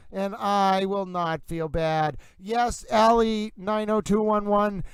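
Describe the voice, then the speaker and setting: A man hosting a livestream about a trial, talking in a mock-grandiose, drawn-out sports-announcer manner. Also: sits high, clean tone, no room sound. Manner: pompous, drawn-out announcer delivery. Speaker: livestream host covering a trial.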